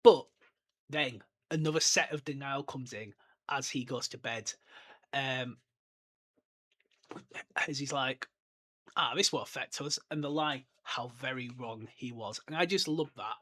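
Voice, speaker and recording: A young man hosting a casual podcast, talking in an animated, chatty way and often correcting himself mid-sentence. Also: medium pitch, measured pace, long pauses. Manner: chatty and animated, with many fillers and self-corrections. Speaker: podcast host. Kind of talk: casual book-discussion podcast.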